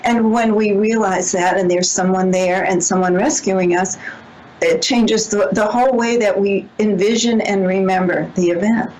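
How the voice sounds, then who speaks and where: A woman's voice: medium pitch, steady tone, normal speed, a little mellow, rough recording. A woman guest on a radio interview, telling stories earnestly and often restarting her sentences. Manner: earnest storytelling with frequent restarts. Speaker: author and guest.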